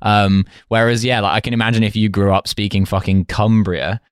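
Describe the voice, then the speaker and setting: A man's voice: lowish voice, flat delivery, brisk, clean tone, dry recording, clean studio sound. A podcast co-host, a man from England, chatting wryly about a film and hedging with lots of fillers. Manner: wry, chatty, hedges with lots of "like". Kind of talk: casual film review chat.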